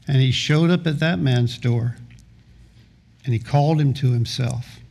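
A man's voice: medium pitch, unhurried, vocal fry, long pauses, a little mellow. A middle-aged man preaching a sermon as pastor, earnest, often repeating and restarting words.

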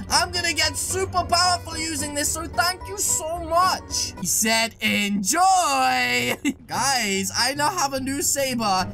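A woman doing excited gameplay commentary as a gaming YouTuber, reading chat messages aloud to her viewers. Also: high-pitched.

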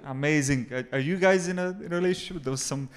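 A young Macedonian man with a Macedonian accent performing a stand-up comedy set in a club, mixing deadpan jokes with crowd work. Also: a little high, quick pace, background noise. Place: comedy club before a live audience.

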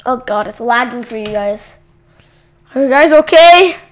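A woman hosting a gaming channel, giving casual let's-play commentary, chatting to her viewers and yelling at game characters. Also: on the high side, animated, a little slow.

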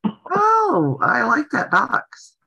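Chatty Southern American woman, lively pitch. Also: very slow, vocal fry, husky, muffled recording. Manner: laughs often, teasing and chatty. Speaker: host of a sewing channel livestream. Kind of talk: casual livestream chat.

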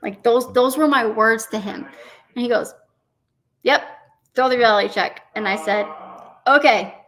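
A woman's voice: on the high side, fairly even intonation, normal speed, a bit bright. A woman from Arizona, a professional bowler and guest, telling a story in a casual interview and acting out her own thoughts.

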